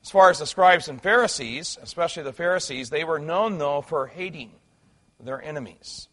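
Middle-aged male pastor, slightly higher voice, earnest, emphatic sermon delivery with small restarts. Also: normal speed, fairly bright tone.

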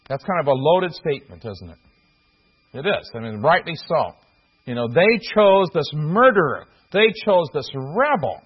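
A man preaching a sermon, earnest and halting, with frequent fillers and restarts. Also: a little high, big pitch swings, breathy edge. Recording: dull lo-fi recording.

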